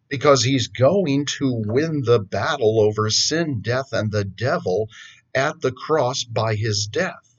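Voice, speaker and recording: A man preaching a sermon in a slow, dramatic, emotional way. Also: medium pitch, fairly bright tone, breathy edge, dull audio. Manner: slow, dramatic, emotional delivery with rising emphasis.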